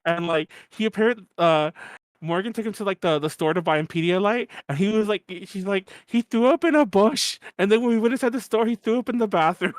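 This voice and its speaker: A young man co-hosts a podcast in a high, bright register, recorded close and dry. He tells a party story in an animated way, laughing between lines and acting out his own drunken yelling. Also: a little fast, no room sound. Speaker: podcast co-host. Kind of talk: casual storytelling chat.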